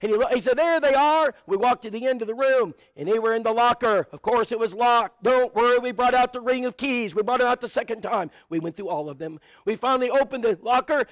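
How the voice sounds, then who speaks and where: A man's voice: very high voice, quick pace, few pauses, no room sound. A man preaching a sermon, telling stories and rattling off lists of supplies with asides to the congregation. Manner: storytelling with many lists and asides.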